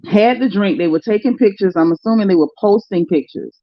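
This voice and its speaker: Speaking at a fairly quick clip in a medium-pitched voice, this effusive woman hosts a casual livestream, greeting chat viewers by name with plenty of emotion. The audio is muffled, without echo.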